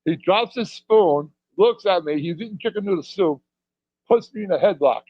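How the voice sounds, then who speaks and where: Middle-aged male wrestler guest, rambling storyteller, slightly high voice, dry dull audio. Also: animated, normal speed, mellow. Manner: rambling storyteller, chuckles between lines. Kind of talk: casual anecdote telling.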